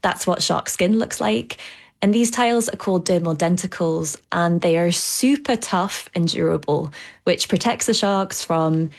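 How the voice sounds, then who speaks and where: A woman's voice: fairly low pitch, measured pace, a little mellow. A woman scientist explaining biology for radio in plain, enthusiastic terms. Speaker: shark scientist.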